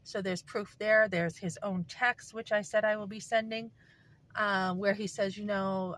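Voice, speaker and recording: A woman recounts her own experiences in a candid, conversational way. Her pitch sits in the middle range. She acts out the back-and-forth of past arguments as she goes. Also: steady tone, measured pace, fairly bright tone. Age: adult with a son. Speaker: speaker sharing her story. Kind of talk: personal storytelling.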